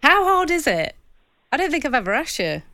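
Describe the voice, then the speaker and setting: A woman chatting as a guest on a radio show, playful and quick to laugh. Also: sits high, very animated, pushed and bright, no room sound. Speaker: guest actor. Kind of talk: casual chat.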